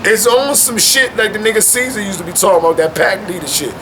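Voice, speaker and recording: Talking fast in a high voice against background noise, a young male guest keeps things casual at home with his dogs. His speech is lively and slang-heavy, with "man" dropped in almost constantly.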